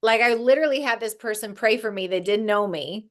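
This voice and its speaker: A woman's voice: on the high side, a little fast. A woman guest on a radio talk show, casually telling her story, laughing often and acting out what she said back then. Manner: animated, laughs often, acts out quoted speech. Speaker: guest, youth program founder. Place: radio studio.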